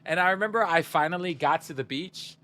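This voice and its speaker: A man's voice: a little high, a little fast, pushed and bright. A young man streaming a game, chatting casually with his viewers in a laid-back, slangy way and laughing often.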